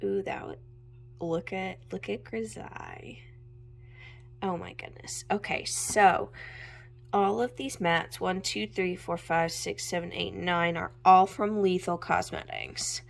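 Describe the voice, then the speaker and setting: A young woman chatting casually at home as she shows her makeup, gushing and sometimes dropping into a soft whisper. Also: fairly low pitch, expressive, slow pace, gravelly. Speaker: makeup vlogger. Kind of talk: casual chat while swatching makeup. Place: home room with natural light.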